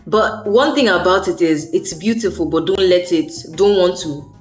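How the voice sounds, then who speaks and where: A woman's voice: fairly low pitch, normal speed, soft background music. Chatty young woman vlogging about faith. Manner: chatty, rambling, slangy. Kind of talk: casual faith vlog monologue.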